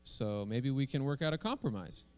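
A man voicing a hungry, crafty talking bear in a preacher's joke, in a high, squeaky voice. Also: very animated, moderate pace, close to an everyday voice. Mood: sly.

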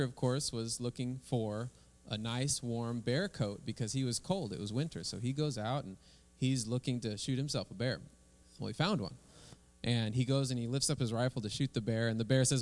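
Casual male pastor preaching. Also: mid-range voice. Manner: conversational, relaxed preaching with fillers. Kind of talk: sermon and prayer.

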